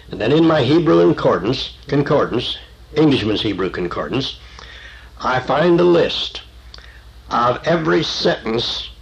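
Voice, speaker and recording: A man giving a sermon-style Bible lesson, teaching plainly and unhurriedly with frequent pauses on "uh". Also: lowish voice. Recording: dull lo-fi old recording with faint hiss.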